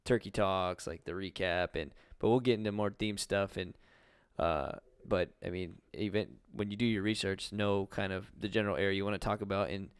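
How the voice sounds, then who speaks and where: Dude co-hosting a chill podcast, kinda low smooth voice, swears a lot, rambles with tons of "like", dry close sound. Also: male voice, fairly even intonation, normal speed, no room sound. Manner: rambling, cursing, heavy on "like". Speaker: podcast co-host. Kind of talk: casual chat. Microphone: webcam.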